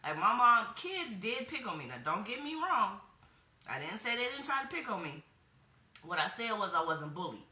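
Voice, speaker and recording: A woman's voice: medium pitch, sing-song, normal speed, pushed and bright, roomy sound. A woman in her forties giving a casual workshop talk, telling stories in a frank, chatty way with slang. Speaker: wellness workshop presenter.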